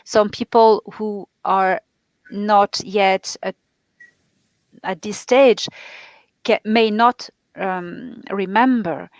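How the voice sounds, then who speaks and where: A woman's voice: medium pitch, fairly even intonation, drawn-out words, pauses often, dry recording, rough recording. A woman hosting a conversational interview, giving firm, emphatic advice. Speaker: host.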